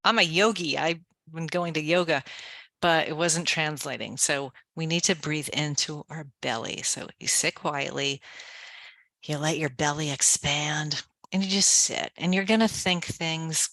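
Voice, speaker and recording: An energetic woman author talks in an interview, moving between personal story and calm step-by-step coaching. Her voice is bright and forward with a gravelly fry at the edges. The sound is dry and close, with no room echo. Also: low-pitched, measured pace. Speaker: author and podcast guest. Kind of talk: conversational interview, guided relaxation instructions.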